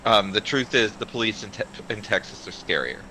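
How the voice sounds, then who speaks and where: Blunt, bright-voiced casual man. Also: lowish voice, lively intonation, a little fast, a little hiss or hum, low-quality recording. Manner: blunt, matter-of-fact, swears freely. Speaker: streamer. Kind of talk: casual chat.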